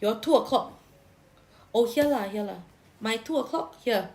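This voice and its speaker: A woman's voice: on the high side, moderate pace, a little mellow. A woman giving a livestream tarot reading, talking bluntly and chattily to viewers. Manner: blunt, chatty, peppered with "lah" and "leh" particles. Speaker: tarot reader.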